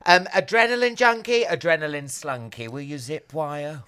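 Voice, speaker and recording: A man hosting a podcast, reacting with quick exclamations and cheeky questions. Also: a little high, pushed and bright, clear, resonant tone. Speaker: podcast host. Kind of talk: casual chat.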